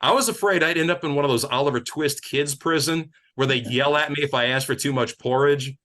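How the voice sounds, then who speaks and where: A man from Detroit doing a rambling stand-up set, animated and laughing at his own jokes. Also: on the high side, fairly quick. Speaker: stand-up comedian.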